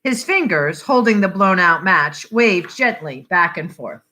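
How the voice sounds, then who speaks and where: A woman reading a short story aloud for adult listeners, unhurried and expressive. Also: on the low side. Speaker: reader.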